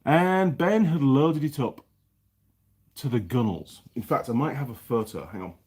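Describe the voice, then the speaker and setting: A man's voice: mid-range voice, a little slow, husky. A man hosting a casual live stream from his home workshop, chatting away and greeting viewers by name. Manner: chatty, reads viewer names aloud with lively greetings. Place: home workshop in New Zealand.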